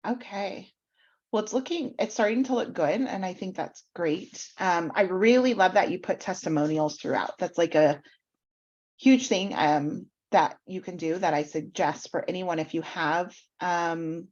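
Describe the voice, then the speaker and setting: A woman's voice: fairly low pitch, unhurried, a little mellow. Woman teaching on a lo-fi call. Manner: explanatory, with frequent ums. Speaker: mentor reviewing websites. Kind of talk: online workshop teaching.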